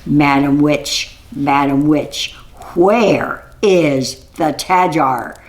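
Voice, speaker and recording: A woman voicing a commanding male forest ranger who asks his questions slowly and firmly. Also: low voice, creaky, exaggerated voice. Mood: stern. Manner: slow, firm, repeated questioning.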